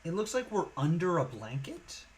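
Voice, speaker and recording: A man's voice: fairly high pitch, sing-song, normal speed, low-quality recording. A man streaming a puzzle game, thinking aloud in a musing, hesitant way with many fillers.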